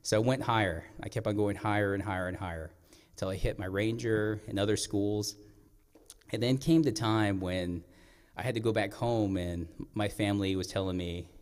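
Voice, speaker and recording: A young man tells a personal story from a stage, earnest and reflective, often pausing to clear his throat. His voice sits low. A long hall reverb trails each phrase. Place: performing arts center stage.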